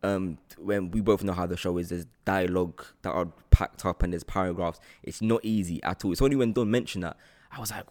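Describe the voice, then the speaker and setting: Man, podcast host, lowish pitch, friendly, rambling, laughing. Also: steady tone, brisk, a little mellow. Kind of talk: casual podcast interview.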